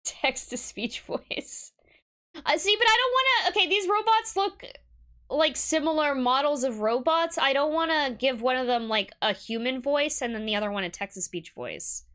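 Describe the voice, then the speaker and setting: A woman streamer chatting to her audience while playing a game. Her voice is bright and somewhat high, and she rambles and giggles between thoughts. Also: expressive, normal speed. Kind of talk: casual game stream chat.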